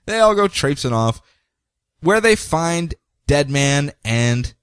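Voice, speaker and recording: A man co-hosting a podcast, casually recapping comic book stories in an animated way and slipping into quick character voices. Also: on the high side, clean tone, no room sound, studio quality. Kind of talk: casual chat.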